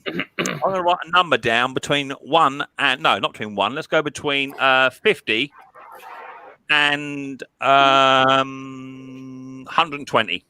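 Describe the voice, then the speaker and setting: A man, hosting a casual livestream chat, chatty and quick to laugh, often repeating himself. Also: mid-range voice, fairly even intonation, sharp tone, clean tone, dry recording. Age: 30s. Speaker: livestream host.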